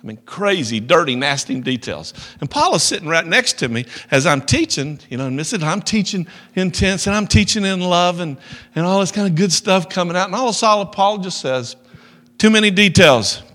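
A middle-aged man preaching a sermon, telling a story with loud emphasis and soft asides. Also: high voice, lively intonation, brisk. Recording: long reverb of a large hall.

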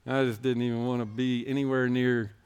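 A man's voice: mid-range voice, level tone, fairly quick, darkish tone, smooth. A man giving a personal testimony sermon, telling his story in rambling, self-interrupting phrases and earnestly urging his listeners. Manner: earnest, exhorting the congregation. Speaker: church speaker.

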